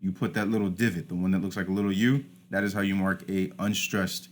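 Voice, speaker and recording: A man's voice: low-pitched, fairly even intonation, quick pace, a little hiss or hum. A man teaching a recorded lesson over slides, informal, often starting with "all right" and correcting himself.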